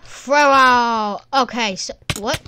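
A woman giving excitable gameplay commentary, exclaiming and thinking aloud while she plays. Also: fairly high pitch, slow pace. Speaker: gaming channel host. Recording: keyboard clicks and typing in background. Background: keyboard typing noise.

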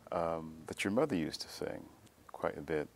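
A man interviewing a church member in a calm, measured way, giving many soft affirmations. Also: rumbling low.

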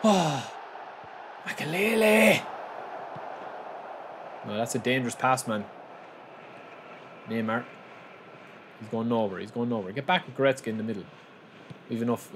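A man hosting a gaming channel, giving excitable live commentary on his own match, shouting at the play and calling viewers lads. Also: medium pitch, brisk, pauses often, background noise.

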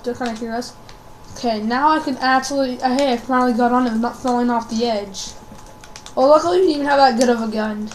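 A woman with a high voice chats loosely over an online shooter match, rambling from one thought to the next and cursing whenever the game goes wrong. There is a faint noise floor and the clack of keys under her talk. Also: fast talker. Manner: swears often, rambling and excitable. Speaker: gaming video creator. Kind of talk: casual gameplay commentary.

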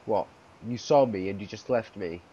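A man's voice: fairly low pitch, moderate pace, mellow. Rambling young gamer guy, lo-fi mic. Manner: rambling, playful, puts on voices. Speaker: gamer host. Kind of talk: casual gaming chat. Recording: dull lo-fi with faint noise.

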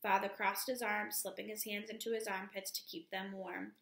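Gravelly woman reading a novel aloud. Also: medium pitch, moderate pace, roomy sound. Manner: steady reading, announces page numbers. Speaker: teacher.

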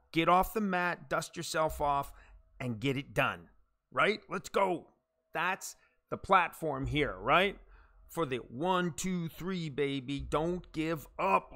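Streaming a game live, a man cheers on his viewers with chanted catchphrases, muttering low asides in between. His voice sounds pushed and bright.

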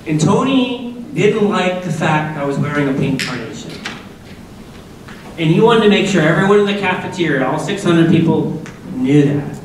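A man's voice: fairly high pitch, lively intonation, normal speed, slight background noise. A middle-aged man from Massachusetts gives a conversational personal story at a school assembly, asking the audience questions and making jokey asides. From Massachusetts, USA. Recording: very echoey hall, voice from far off.

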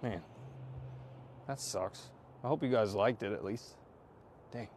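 A man chatting casually to viewers while hitting golf balls, excitable and self-mocking, swearing often and breaking into loud outbursts. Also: lowish voice, slow, a little hiss or hum. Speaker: golf vlogger. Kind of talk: casual range-session chat to viewers.

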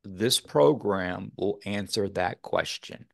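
Deep gravelly-voiced man, rambling and earnest. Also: slow pace, no echo, studio quality. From Texas. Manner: rambling, earnest, many fillers. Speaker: podcast guest. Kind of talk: casual interview talk.

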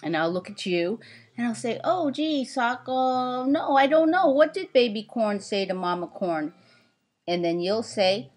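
Shu, a woman doing a brisk sock puppet. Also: fairly high pitch, very animated, darkish tone. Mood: playful. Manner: brisk, directing, playful. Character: bossy little sock puppet Shu, the show's planner. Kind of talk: puppet show rehearsal.

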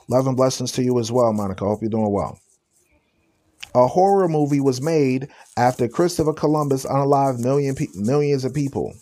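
A man hosting a live stream of religious commentary. He speaks emphatically and sarcastically, repeats rhetorical questions, and reads scripture slowly. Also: medium pitch, dark tone.

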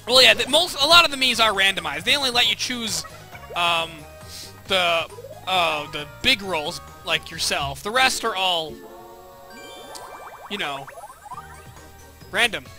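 A man commentating a live game stream with a high, very bright, tense voice that bounces all over the place. He jokes with his chat and yelps at what happens on screen, with faint game music under him. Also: animated, a little slow, long pauses. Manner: playful, joking with chat, reacts loudly. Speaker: gaming livestreamer. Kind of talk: casual livestream commentary.

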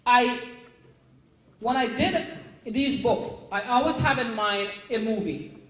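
A middle-aged woman with a Caribbean English accent, an author speaking to a live audience at a book signing in a chatty, animated way. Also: fairly high pitch, slow, far from the mic. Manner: chatty, animated storytelling with restarts. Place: event room. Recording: echoey room.

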